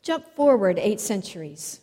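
A woman preaching a sermon, telling stories in a slow, measured way. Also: medium pitch, very animated, warm tone. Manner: slow, measured storytelling delivery. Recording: long reverb of a large hall.

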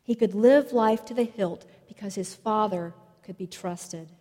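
Slow-speaking woman preacher in a reverberant hall. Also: medium pitch, mellow. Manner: slow, measured storytelling delivery. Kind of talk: sermon. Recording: long reverb of a large hall.

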